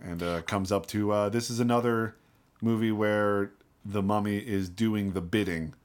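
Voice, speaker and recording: A man co-hosting a film podcast, talking in a relaxed way with dry humor and some hesitations. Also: lowish voice, normal speed. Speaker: podcast co-host. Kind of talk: casual chat about films.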